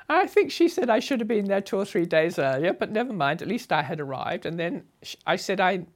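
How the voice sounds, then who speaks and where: A woman's voice: medium pitch, very animated, brisk. An older woman from Sussex, chatting through memories of her travels with frequent laughs. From England (Sussex). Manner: chatty, anecdotal, laughs often between phrases. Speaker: traveller recounting her journey. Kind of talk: conversational travel memoir.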